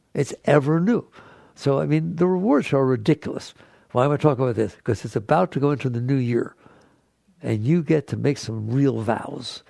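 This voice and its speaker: A man's voice: mid-range voice, gravelly, a little mellow, no room sound, studio quality. A man giving a spiritual talk to an audience as a teacher, speaking in an emphatic, conversational way that repeats key phrases.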